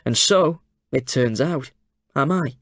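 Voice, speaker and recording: A calculating male detective chief inspector, read by a man. He speaks flatly and bluntly, giving nothing away, in an ordinary middle register. The audiobook sound is dry and close. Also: medium pitch, takes it slowly, dry recording. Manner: deadpan, blunt. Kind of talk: audiobook character voice.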